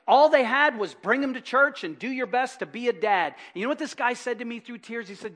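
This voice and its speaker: Fervent high-voiced male pastor. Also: expressive, moderate pace. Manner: impassioned, swings from loud urgency to hushed; fervent preaching with rhetorical questions. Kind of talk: sermon.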